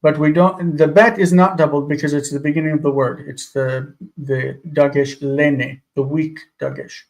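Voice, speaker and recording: Male teacher, higher pitch, patient and repetitive, live online class on a call. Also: flat delivery, normal speed. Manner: patient, explains with examples and repeats words. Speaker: Hebrew teacher. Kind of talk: live online language lesson. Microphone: video call.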